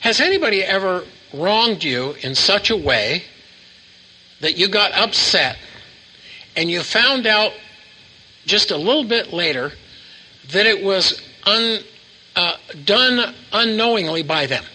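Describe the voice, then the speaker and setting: A man's voice: high-pitched, expressive, takes it slowly, pauses often, bright, forceful tone, rough recording. A man preaching a sermon to a live congregation, asking questions and having them repeat lines back to him.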